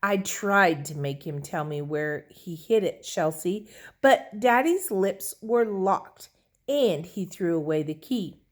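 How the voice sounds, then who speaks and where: A woman's voice: on the low side, lively intonation, takes it slowly. Woman doing a spoiled rich little girl. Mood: pleading. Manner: whiny, showing off.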